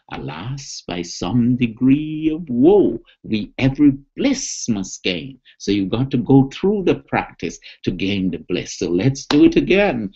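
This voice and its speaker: A man's voice: fairly high pitch, dark tone, dull audio. A man presenting a webinar on stress, talking enthusiastically and coaxing listeners through a guided relaxation exercise. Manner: enthusiastic, coaxing, slow and deliberate. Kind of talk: motivational talk with guided relaxation.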